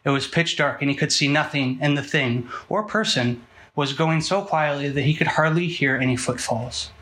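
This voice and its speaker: Young male preacher at a student ministry, earnest and emphatic, bright tone. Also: on the high side, moderate pace, low-quality recording. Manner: earnest, emphatic, builds through repetition. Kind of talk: sermon.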